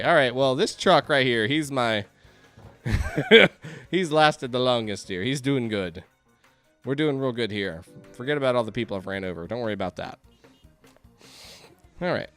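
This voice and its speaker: A man giving excitable let's-play commentary, yelping and laughing as things go wrong on screen. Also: mid-range voice, clean tone. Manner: excitable, yelps and laughs at chaos. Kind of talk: game commentary.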